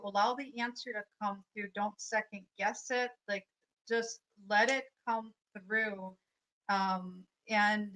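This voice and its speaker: A woman's voice: medium pitch, bright, forceful tone, poor audio. A woman life coach giving a live, earnest spiritual talk, reflective and full of fillers. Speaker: life coach and energy healer.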